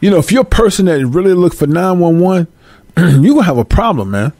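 A man's voice: high-pitched, sing-song, brisk, mellow, no room sound. A man delivering a blunt, profane opinion rant to his viewers, emphatic and streetwise. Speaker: vlogger.

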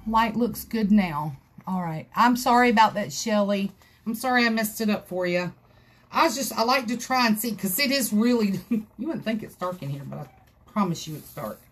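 A woman's voice: mid-range voice, animated, moderate pace. Chatty woman crafting live. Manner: chatty, folksy, talks to viewers as she works. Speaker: craft tutorial host. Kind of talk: live-stream craft tutorial. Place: home craft room. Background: dogs scratching in another room.

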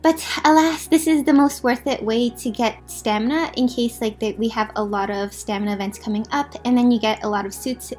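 A woman's voice: fairly high pitch, darkish tone. A young woman hosting a gaming video, giving casual, chatty commentary with apologetic asides and lots of gushing. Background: faint background music.

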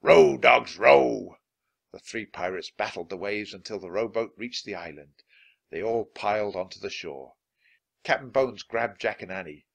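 A man reading a children's chapter book aloud in an expressive, animated way. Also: on the low side, moderate pace, breathy edge. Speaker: audiobook reader.

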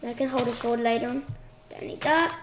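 A woman giving casual, excitable commentary while playing a game, shrieking at surprises. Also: on the high side, a little fast. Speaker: gaming channel host. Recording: echoey room with clear noise.

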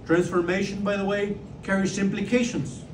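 A man's voice: high voice, level tone, normal speed, background noise. A man from Mexico with a Mexican Spanish accent gives a public lecture, emphatic and repetitive, asking the audience rhetorical questions. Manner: emphatic, repeats key words, asks rhetorical questions. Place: lecture room. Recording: roomy sound from far off.

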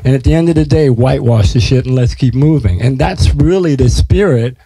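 An American man appearing as an artist guest talks in a mid-range, fairly quick voice that is mellow and husky with vocal fry. The recording is rough but without echo, and he swears freely while telling stories in casual conversation, acting out what people said.

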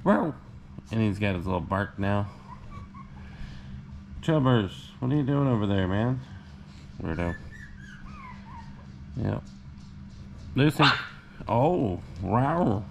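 A man chatting casually to puppies on a vlog, slipping into high sing-song baby talk. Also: expressive, slow, gravelly, pauses often, background noise. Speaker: vlogger showing puppies.

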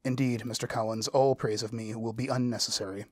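A man reading the lines of a spirited young woman firmly refusing a proposal, with a husky voice. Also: mid-range voice, little pitch movement, fairly quick, a little mellow, dry recording, clean studio sound, lightly acted. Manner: firm and exasperated refusal.

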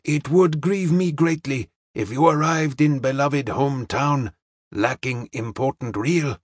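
A man's voice: medium pitch, slightly rough, no echo, studio quality. A man voicing a courteous middle-aged male detective who speaks formally and evenly. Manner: polite, formal, measured.

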